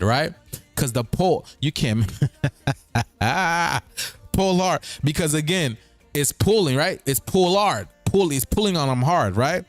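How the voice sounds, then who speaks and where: A man's voice: a little high, animated, measured pace, no echo, faint music behind. Repetitive man hosting a livestream. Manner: repetitive, keeps checking in with listeners; breaks words apart and riffs on them. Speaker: streaming show host. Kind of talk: casual livestream commentary.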